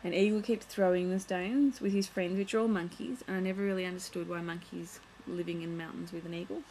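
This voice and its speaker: A woman's voice: on the low side, steady tone, brisk, darkish tone, a little hiss or hum, low-quality recording. A young woman vlogging at home, chatting casually as she shows and reads from a children's picture book, full of playful asides.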